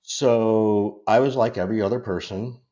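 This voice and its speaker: A man's voice: fairly low pitch, steady tone, normal speed, mellow, muffled recording. A man in his fifties, a podcast guest, telling personal stories in a rambling, candid way and laughing through them. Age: 50s. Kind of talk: casual interview storytelling.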